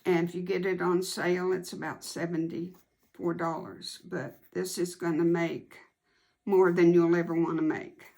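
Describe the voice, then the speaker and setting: A woman giving an unhurried, homey step-by-step sewing tutorial as a quilting instructor. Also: on the low side, flat delivery, creaky, a little mellow.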